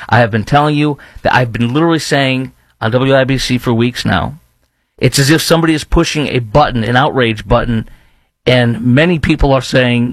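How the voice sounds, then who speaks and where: A man's voice: mid-range voice, brisk, no echo. Radio host guy, punchy and repetitive, lots of questions, dry close sound. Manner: emphatic, repeats words, rhetorical questions. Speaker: radio talk show host. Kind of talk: political talk radio monologue.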